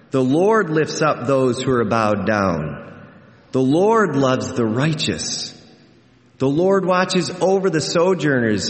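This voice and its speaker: A man preaches a sermon, earnest and emphatic, repeating his key lines for weight. He speaks at a slow, deliberate pace. His voice rings through a roomy sanctuary with a long, trailing reverb. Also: medium pitch. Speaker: pastor. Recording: echoey hall with long reverb.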